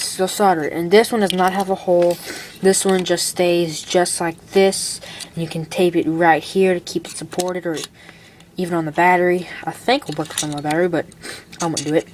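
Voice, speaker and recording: A woman's voice: lowish voice, a little mellow. Chatty girl in a noisy home video. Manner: rambling, chatty, full of "like" and "okay". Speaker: hobbyist showing a build. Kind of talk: casual how-to demonstration.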